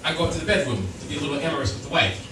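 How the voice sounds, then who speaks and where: A male stand-up comedian telling a story on stage, animated and acting out voices while laughing through his lines. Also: fairly high pitch, very fast, noisy background. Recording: echoey club sound from far off with crowd. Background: laughing audience.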